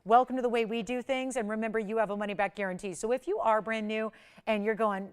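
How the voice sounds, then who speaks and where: A woman's voice: mid-range voice, fairly even intonation, brisk, clear, resonant tone. Gushing woman selling jewelry on live TV. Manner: effusive, gushing, urgent selling. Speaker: shopping channel jewelry host. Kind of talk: live TV sales pitch. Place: TV studio.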